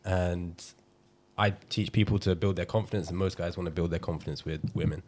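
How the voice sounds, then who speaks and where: A man's voice: low voice, steady tone, brisk, darkish tone. A man who coaches confidence, telling a candid story on a casual podcast, laughing and acting out what people said. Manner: candid, laughing, acts out quoted dialogue.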